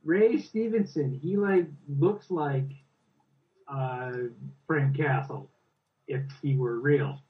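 A man's voice: fairly high pitch, slow pace. A man guesting on a podcast, eagerly talking about movies. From Canada. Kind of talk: casual podcast chat. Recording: distant dull lo-fi remote line.

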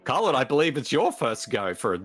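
A man's voice: mid-range voice, big pitch swings, a little fast, a bit bright, slightly rough, faint music behind. A man hosting a podcast, chatting casually and often restarting his phrases. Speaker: podcast host. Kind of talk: casual chat.

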